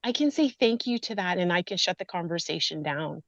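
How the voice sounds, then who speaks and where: A woman's voice: on the low side, expressive, fairly quick, a bit bright, no room sound. A woman grief coach in an interview, speaking earnestly and passionately, close to tears. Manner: earnest, impassioned, pleading. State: near tears. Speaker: grief and loss coach, guest. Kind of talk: emotional personal interview talk.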